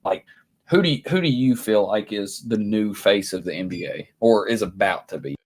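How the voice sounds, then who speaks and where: A man in his thirties co-hosting a sports podcast, easygoing and quick to laugh as he tells stories. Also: lowish voice, lively intonation. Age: 30s. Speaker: podcast co-host. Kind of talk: casual sports chat.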